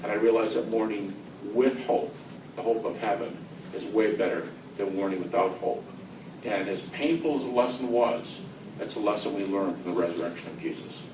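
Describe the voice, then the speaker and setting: A man's voice: lowish voice, normal speed, echoey room, distant mic, background noise. A middle-aged man speaking earnestly and acting out a dialogue with God. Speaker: speaker recounting personal grief. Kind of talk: reflective talk.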